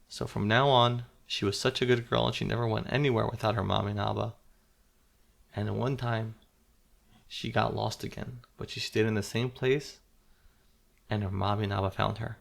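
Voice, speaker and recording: A man telling a simple story to a small child, stopping to ask questions and explain words gently. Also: lowish voice, steady tone, moderate pace, vocal fry. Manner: interactive, asks the listening child questions.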